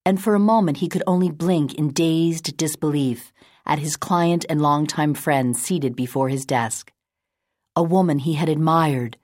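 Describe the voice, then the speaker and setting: A woman narrating a novel in a steady, composed storytelling manner. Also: low-pitched, no echo, clean studio sound. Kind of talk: audiobook narration.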